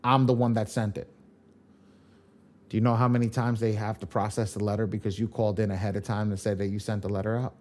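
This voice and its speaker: A man's voice: fairly low pitch, little pitch movement, racing, few pauses, warm tone. Emphatic man teaching a live class. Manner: emphatic, repeats lines, casual swearing. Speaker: credit repair trainer. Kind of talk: live online training class.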